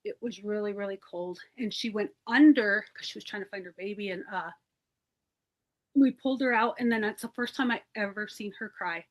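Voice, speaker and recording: Over a video call, a search and rescue team member shares her story in an interview, plain-spoken and wandering, full of filler words. She speaks at a moderate pace in a mid-range voice.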